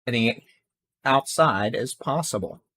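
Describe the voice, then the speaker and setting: Male storm broadcaster, fast urgent delivery, bright forceful tone. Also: mid-range voice, animated. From Texas. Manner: fast, urgent, repeats safety instructions. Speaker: live severe weather broadcaster. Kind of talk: live weather warning commentary.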